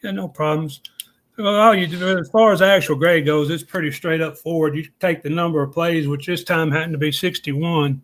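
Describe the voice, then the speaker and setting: This man, appearing as a guest analyst on a relaxed podcast, explains matters plainly and step by step with a folksy flavor. His slightly high, fairly bright voice keeps fairly even intonation at a brisk clip.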